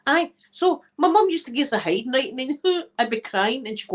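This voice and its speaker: A Scottish ASMR creator chats casually with her viewers while telling a story, laughing often and checking in with "right?". Her voice is high-pitched, very animated, and brisk.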